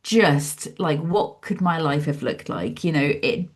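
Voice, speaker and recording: Lively storytelling woman in her forties. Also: low voice, a little slow. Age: 40s. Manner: animated, acts out her own past thoughts in lively asides. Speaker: guest, psychologist and author. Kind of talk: conversational storytelling interview.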